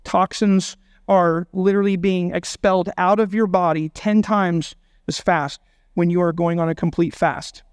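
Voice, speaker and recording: A man's voice: sits high, steady tone, unhurried, smooth, no echo, clean studio sound. A man preaching a sermon as pastor, emphatic and full of rhetorical questions.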